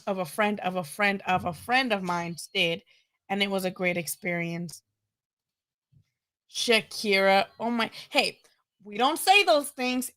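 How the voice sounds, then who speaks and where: A woman's voice: a little high, fairly bright tone. A woman with a Chicano English accent hosting a boxing live stream in casual chat, laughing often and saying "dude" a lot.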